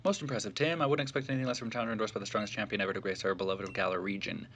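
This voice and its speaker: A man reading the lines of a smooth, polite middle-aged male company chairman in a game, quickly and quietly, in close to his own voice. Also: on the low side, steady tone, faint music behind, natural voice. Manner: reads the lines quickly and quietly, barely acting.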